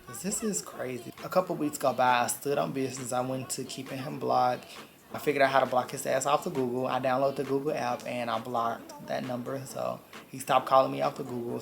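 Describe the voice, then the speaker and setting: A man tells a personal story straight to camera. His voice is gravelly with fry, at a middle pitch, and his delivery is blunt, profane and dramatic. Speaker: vlogger. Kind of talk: casual storytime vlog.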